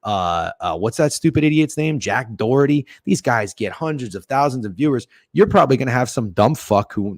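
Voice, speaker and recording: A man hosting a sports betting livestream, ranting in a profane, opinionated way with sudden loud outbursts while reading chat. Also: medium pitch, expressive, a little fast, few pauses, no room sound, clean studio sound. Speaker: sports betting stream host.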